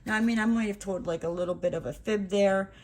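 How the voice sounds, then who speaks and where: A woman's voice: medium pitch, fast talker, darkish tone. A woman craft vlogger telling a story in a casual, rambling chat, full of "like" and "you know" fillers.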